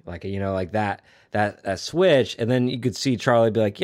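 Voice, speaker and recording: A man in casual film talk, acting out movie lines in low growled voices. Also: normal speed, hardly any pauses, smooth.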